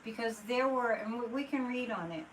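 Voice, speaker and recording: On a casual live stream, a woman working as a psychic talks at a moderate pace in a voice on the high side. Loose and a bit exasperated, she responds to viewers' comments on the fly, heard through a distant mic with faint room noise.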